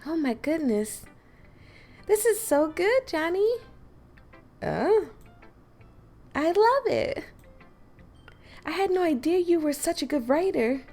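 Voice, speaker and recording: A woman voicing a bubbly, affectionate teenage schoolgirl in a game, gushing in a high, sweet, giggly sing-song. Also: very animated, slow, long pauses, a little mellow, faint music behind, exaggerated voice. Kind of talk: reading game dialogue aloud.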